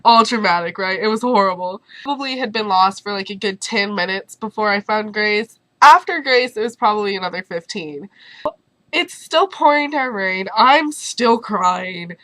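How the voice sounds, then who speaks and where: A young woman whose voice is going hoarse tells stories from her life in a bubbly, animated vlog. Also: medium pitch, moderate pace, dry recording, low-quality recording. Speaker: vlogger. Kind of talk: casual storytelling vlog.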